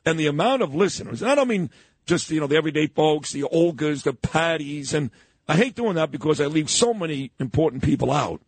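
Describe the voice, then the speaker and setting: A man's voice: a little high, animated, fairly quick, husky, dry recording. A middle-aged man hosting a morning radio talk show, opinionated and emphatic, often repeating himself for effect. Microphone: studio broadcast mic.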